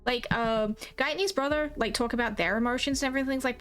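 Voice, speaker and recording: Streaming a game with soft music behind her, this young Australian woman has a fairly high, fairly bright voice and talks fairly quickly. She rambles in casual chat, swears without holding back, and quotes both herself and other people.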